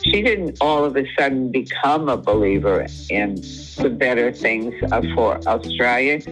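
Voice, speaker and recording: An interviewee talks with emphatic enthusiasm, leaning hard on her words. The voice is mid-pitched, with faint music underneath. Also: expressive, measured pace, poor audio.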